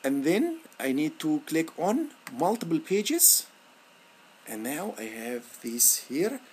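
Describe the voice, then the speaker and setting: A male instructor talking students through a software lab on screen, thinking aloud with repeated words and many fillers. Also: takes it slowly, slight background noise. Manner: lively, rising pitch on praise words. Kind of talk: screen-recorded software tutorial.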